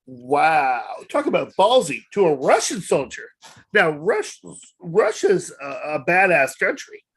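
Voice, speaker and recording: A man's voice: fairly high pitch, huge pitch swings, measured pace, a bit bright, slightly rough. A man co-hosting a podcast, chatting brashly in profane banter and retelling stories with eager agreement. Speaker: podcast co-host. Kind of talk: casual profane banter, storytelling.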